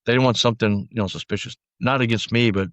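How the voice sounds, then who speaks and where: A man's voice: mid-range voice, fairly even intonation, fast talker, a bit bright, no room sound, muffled recording. A man as a podcast guest, telling his story bluntly in a rambling, casual way with lots of fillers. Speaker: podcast guest, former sheriff's deputy.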